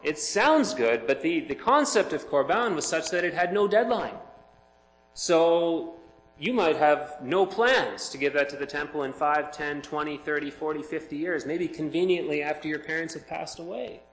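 A man's voice: fairly high pitch, moderate pace, fairly bright tone, reverberant, rough recording. A man preaching a sermon as pastor, earnest and emphatic, explaining scripture to his congregation.

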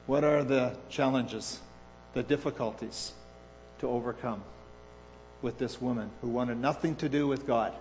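A man preaching a sermon, halting and restarting, putting questions to his listeners. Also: mid-range voice, a little mellow, slight background noise. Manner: halting, restarts often, asks the audience questions. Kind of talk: sermon with a read-aloud story. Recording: reverberant hall.

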